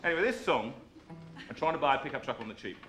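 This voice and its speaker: A man's voice: medium pitch, lively intonation, fast, reverberant. A man hosting a live music show, telling jokey stories to his audience between songs. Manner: playful, jokey, chatty with the audience. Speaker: host and singer. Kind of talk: live show chat and comic story-song. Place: music room of a live stream.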